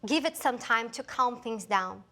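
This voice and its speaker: A woman testifying as a defendant in a courtroom, defensive and quick to jump in with denials. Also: on the high side, animated, pushed and bright. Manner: defensive, quick to deny and interject. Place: courtroom set.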